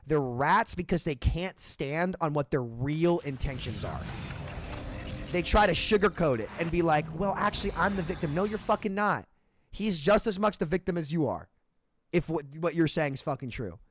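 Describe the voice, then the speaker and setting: A man's voice: fairly high pitch, animated, moderate pace, slight background noise. Heated, cursing male game streamer. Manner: heated, profane, repeats himself. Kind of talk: livestream rant between matches.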